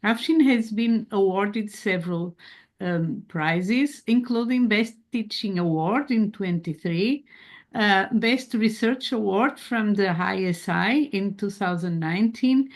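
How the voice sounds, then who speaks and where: A woman moderating an academic webinar, reading a measured, formal introduction of the guest. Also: mid-range voice. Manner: measured, reads a prepared introduction.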